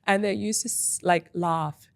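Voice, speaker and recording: Young woman, gravelly low voice, dry close studio sound, energetic chatty guest. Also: unhurried, no room sound. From Australia. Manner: energetic, talkative, frequent "like". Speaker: interview guest. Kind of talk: casual interview chat. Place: podcast studio.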